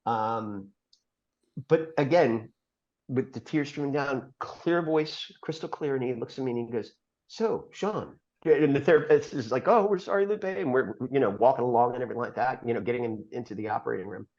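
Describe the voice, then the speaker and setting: A middle-aged man, a podcast guest, telling a long personal story in an earnest, halting way with many fillers. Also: medium pitch, a little mellow. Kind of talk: storytelling interview. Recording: dull lo-fi podcast audio.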